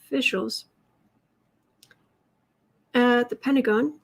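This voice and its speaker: A woman's voice: a little high, fairly even intonation, slow pace, gravelly. A woman hosting a casual livestream, chatting and reading out viewer questions for tarot readings. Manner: chatty, reads out questions, talks to her cat in a soft baby voice.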